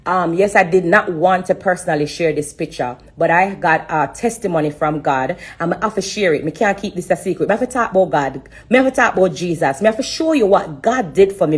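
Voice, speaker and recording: A low-pitched woman speaks on a live stream, her voice husky and slightly breathy. She talks in halting, emotional bursts, repeating phrases and pausing often as she gives a personal testimony.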